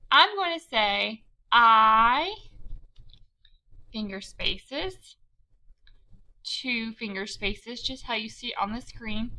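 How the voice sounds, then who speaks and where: A woman teacher giving a slow, patient writing lesson to young children, spelling words out letter by letter. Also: high voice, sharp tone, poor audio.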